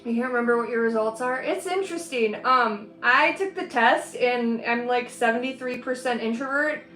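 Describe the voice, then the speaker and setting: High-pitched woman rambling to her stream while painting, roomy sound, soft music behind. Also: moderate pace. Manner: chatty, rambling, laughs often. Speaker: livestreaming artist. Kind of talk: casual chat while painting. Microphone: streaming setup. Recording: roomy with faint background music.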